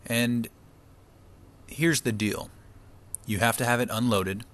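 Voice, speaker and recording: A man vlogging while he eats, telling a story to camera in a chatty, relaxed way and acting out the people he quotes. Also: medium pitch, takes it slowly.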